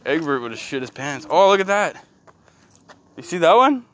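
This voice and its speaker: A man chatting and joking crudely while hiking in the woods, teasing his friend with loud outbursts. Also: a little high, very animated, normal speed. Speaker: hiker filming outdoors. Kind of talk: casual joking chat. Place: woods outdoors.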